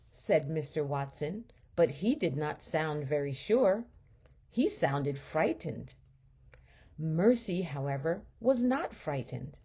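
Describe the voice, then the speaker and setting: A woman teacher reading a children's storybook aloud in a gentle, expressive way. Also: sits low, slow pace, slightly rough, dull audio.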